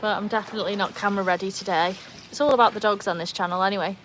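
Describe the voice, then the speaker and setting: A woman's voice: mid-range voice, steady tone, rapid-fire, fairly bright tone, a little hiss or hum. Chatty woman livestreaming from her backyard. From North Wales. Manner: chatty, self-deprecating, walks around the yard. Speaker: livestream host. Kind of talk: casual livestream chat reading comments. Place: outdoor backyard by a pool. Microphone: phone, no external mic.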